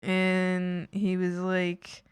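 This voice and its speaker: A woman's voice: lowish voice, monotone, very slow, clean tone, dry recording, clean studio sound. A woman streamer chatting casually with her viewers while she draws, giggling often and teasing them playfully. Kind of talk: casual live-stream chat while drawing.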